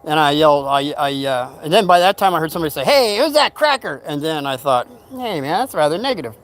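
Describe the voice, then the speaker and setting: High-voiced older man telling a story. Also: quick pace. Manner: rambling, animated retelling with acted-out quotes. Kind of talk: casual storytelling.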